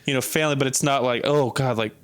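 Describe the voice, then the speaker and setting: Comedian guy on a podcast, smooth clear voice, mid pitch, lots of "like", laid back and swears a bunch. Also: quick pace, fairly bright tone. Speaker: stand-up comedian, podcast guest. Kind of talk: casual podcast chat.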